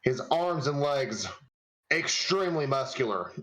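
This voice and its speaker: A man's voice: mid-range voice, expressive, measured pace, fairly bright tone, low-quality recording. A man narrating a tabletop game as game master, casual and rambling, searching for words.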